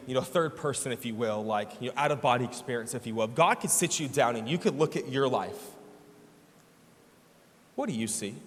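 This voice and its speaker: A man preaching a sermon as pastor, telling a lively story with laughter and playful imitations. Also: mid-range voice. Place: church sanctuary. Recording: church hall reverb.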